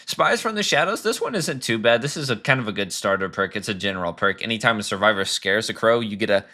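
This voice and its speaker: Gamer guy, low-pitched but bright and edgy, blunt opinionated commentary with casual swearing. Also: lively intonation, fast talker. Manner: blunt, opinionated, swears freely, trails off and restarts. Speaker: gaming video creator ranking perks.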